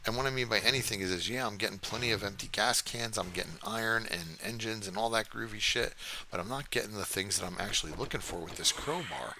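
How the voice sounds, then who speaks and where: A man's voice: lowish voice, background noise. An older man hosting a gaming livestream from his desk, chatting casually and cursing freely as he rambles and answers chat while he plays. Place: home desk.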